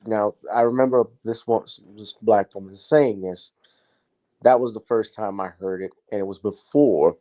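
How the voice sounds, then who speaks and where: Low, mellow-voiced man hosting a stream. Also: poor audio. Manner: rambling, opinionated, trails off. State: tired, yawning. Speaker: live-stream host. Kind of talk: casual live-stream commentary.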